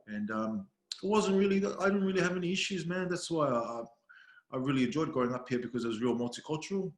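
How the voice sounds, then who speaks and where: This fast-talking Australian man, whose voice runs on the high side, is a video creator appearing as a podcast guest. In casual conversation he laughs, tells stories, and mimics others with animated voices, all in a reverberant space.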